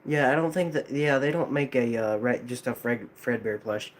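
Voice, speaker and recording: A man's voice: mid-range voice, moderate pace. A young American man rambling casually to a live chat, hesitant, with many restarts. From United States. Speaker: streamer.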